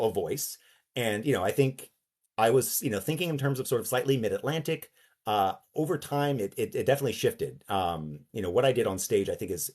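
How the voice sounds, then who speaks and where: A man giving a casual lecture, halting and animated, slipping into character voices. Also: fairly low pitch, breathy edge.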